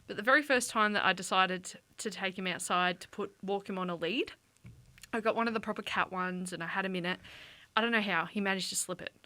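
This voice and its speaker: Een giechelende Australische vrouw die geanimeerd vertelt, met een heldere, levendige stem in een droge studio. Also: female voice, medium pitch, brisk, no echo. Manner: giggly, animated storyteller. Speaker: youth radio podcast co-host. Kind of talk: casual chat. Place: radio studio.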